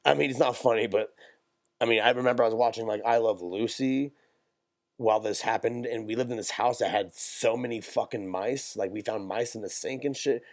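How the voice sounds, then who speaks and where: A man's voice: medium pitch, no room sound, studio quality. A young man chatting casually on a podcast, telling rambling, profane stories with jokes. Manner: profane, rambling, jokey, quick bursts. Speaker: podcast co-host. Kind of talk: casual chat, storytelling.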